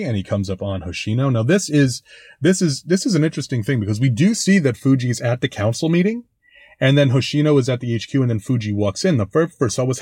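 A man's voice: mid-range voice, a little mellow, dry recording. A man hosting a casual commentary, reviewing a TV episode in a wry, chatty way with frequent restarts and dry asides. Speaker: podcast host reviewing a TV episode.

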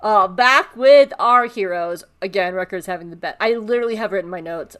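A woman's voice: mid-range voice, expressive, brisk, few pauses. A woman co-hosting a podcast, playfully recapping an episode and laughing. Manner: playful, laughs, does character voices. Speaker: podcast co-host.

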